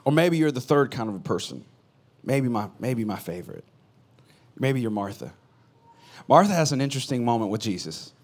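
A pastor delivering a sermon in a mid-pitched male voice. He talks to the congregation conversationally and swings between loud, raised passages and quiet, confiding asides. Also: sing-song, normal speed, pauses often.

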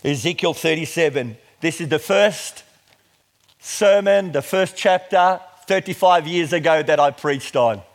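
A middle-aged man preaching a sermon, reading scripture slowly and with emphasis before explaining it. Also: on the high side. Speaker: pastor.

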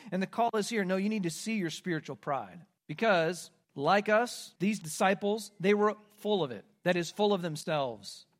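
A man preaching a sermon, swinging between loud, emphatic declarations and hushed, quiet asides. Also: high-pitched. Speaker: pastor.

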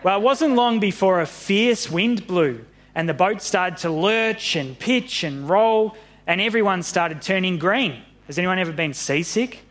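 A man reading a Bible story aloud to children in an animated, friendly way. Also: high-pitched, unhurried. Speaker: pastor.

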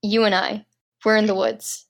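A woman's voice: medium pitch, little pitch movement, normal speed. A woman co-hosting a casual movie podcast, teasing her co-host and setting up silly scenarios. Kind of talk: casual chat.

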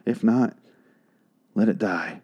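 A hoarse man with a fairly low voice, worn from recording several podcasts in a row. He rambles through a TV episode recap in a casual, profane way, with sarcastic asides and restarts. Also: slow, a little mellow, highs cut off. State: losing his voice. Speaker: podcast host.

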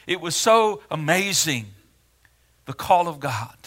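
A man's voice: on the high side, expressive, slow pace, fairly bright tone. A man preaching a sermon in an earnest way, rising to emphatic when he reads scripture aloud.

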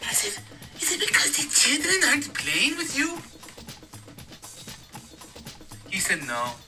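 A man's voice: very high-pitched, huge pitch swings, exaggerated voice. A man playing a solemn male priest delivering a rambling mock sermon, recorded from a distance with faint music behind. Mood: tearful. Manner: slow, rambling, grows tearful and shouting.

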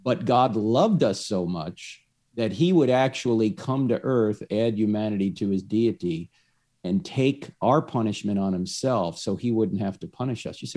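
A man's voice: mid-range voice, lively intonation, measured pace, warm tone. A man explaining his faith to one listener through a story, acting out the lines of the people in it. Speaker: evangelist.

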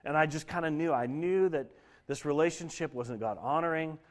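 A young man from Denver giving a sermon, telling a personal story in an earnest way that grows lively as he preaches. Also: on the high side, normal speed. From Denver, Colorado. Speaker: pastor.

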